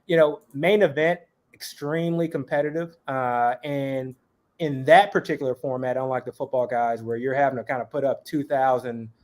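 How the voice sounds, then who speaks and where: A man's voice: medium pitch, a little mellow. A man as an interview guest in casual chat, talking in long rambling runs full of fillers.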